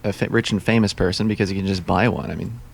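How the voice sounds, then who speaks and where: Male podcast co-host, quick and low-voiced, rambling jokey banter. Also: steady tone, gravelly. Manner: rapid rambling banter, joking, many fillers. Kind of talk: casual chat.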